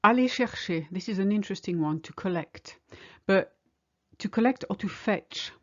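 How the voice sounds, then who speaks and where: A woman teaching a French lesson in English, speaking clearly and slowing down to model French phrases. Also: mid-range voice, muffled recording. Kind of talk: language lesson.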